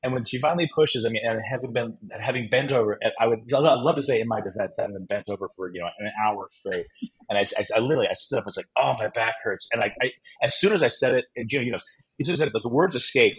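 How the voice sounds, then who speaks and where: A middle-aged man, a guest author, telling animated, self-deprecating stories with jokes about himself. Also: medium pitch, rapid-fire, slightly rough, rough recording. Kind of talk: animated storytelling.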